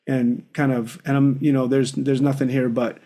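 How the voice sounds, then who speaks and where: A man's voice: mid-range voice, little pitch movement, moderate pace, mellow. A man hosting a live coaching call as a marriage coach, talking directly and emphatically and calling the caller brother.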